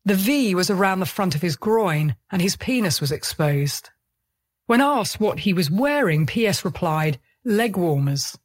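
A woman giving a scripted true crime narration in a measured, grave, matter-of-fact manner. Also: on the low side.

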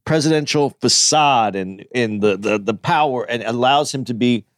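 A man's voice: medium pitch, moderate pace, dry recording, clean studio sound. A man hosting a casual talk show, earnestly explaining his views and often restarting his sentences. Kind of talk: casual chat.

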